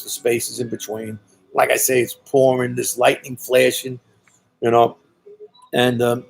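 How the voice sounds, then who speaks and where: Gravelly Brooklyn man telling a story. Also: medium pitch, slight background noise, low-quality recording. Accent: Brooklyn New York. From Brooklyn, New York. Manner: blunt, profane, rambling with many "you know"s. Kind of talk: casual spoken storytelling.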